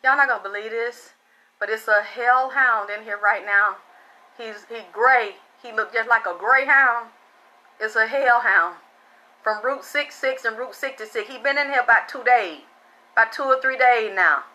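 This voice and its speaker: A woman host telling a story in a casual monologue, blunt and profane, who gets excitable and repeats herself. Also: a little high, moderate pace, low-quality recording. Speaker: spiritual reader and channel host.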